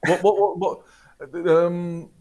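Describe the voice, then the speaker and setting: A man's voice: sits high, little pitch movement, slow pace, darkish tone. Man running a tabletop game. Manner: repeats words, laughs often. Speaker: game master.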